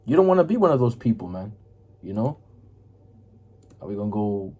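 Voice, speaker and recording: A religious teacher gives an informal scripture lesson, reading verses and explaining them casually and repetitively, often checking in with "right?" and "man," and stumbling while he finds verses. His lowish voice is very animated, darkish and husky at a normal speed, and the recording is muffled.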